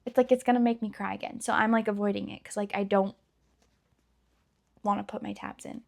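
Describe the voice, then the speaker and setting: A woman's voice: mid-range voice, fairly even intonation, brisk, vocal fry, a little mellow. A woman in her thirties, a book vlogger chatting casually and emotionally, with dramatic emphasis. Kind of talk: casual chat.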